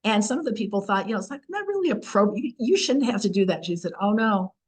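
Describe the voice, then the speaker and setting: A woman's voice: medium pitch, sing-song, fast talker, husky, poor audio. Woman giving an earnest, chatty Torah lesson. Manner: conversational storytelling, earnest, many fillers and restarts. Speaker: Torah teacher and host. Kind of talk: informal weekly Torah lesson.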